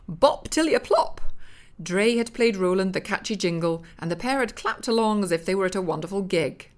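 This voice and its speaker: A woman narrating a comic story in a dry, deadpan manner. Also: mid-range voice, brisk.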